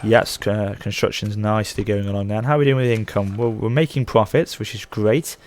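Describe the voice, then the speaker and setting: A man's voice: on the low side, brisk, a little mellow. A man in his thirties giving rambling, casual let's play commentary, often correcting himself mid-sentence. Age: 30s. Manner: chatty, rambling, frequent self-corrections. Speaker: gaming channel host.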